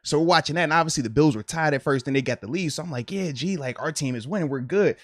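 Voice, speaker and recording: A man's voice: on the high side, fast talker, no room sound, studio quality. A man in his thirties hosting a podcast, telling a family story in casual chat, often laughing. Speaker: podcast host, former player.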